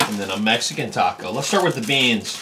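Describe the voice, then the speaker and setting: A man's voice: medium pitch, lively intonation, fast, background noise. A man from California casually talking through a meal for his food vlog, savoring each bite with lots of pleased sounds. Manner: chatty, savoring bites with lots of mm and oh. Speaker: food vlogger. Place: home in Japan.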